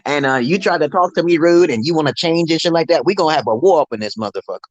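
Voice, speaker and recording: A man's voice: fairly high pitch, animated, fast talker, no room sound, lo-fi sound. Profane, rambling middle-aged man streaming. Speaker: livestream host. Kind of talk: rambling live-stream monologue. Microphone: phone.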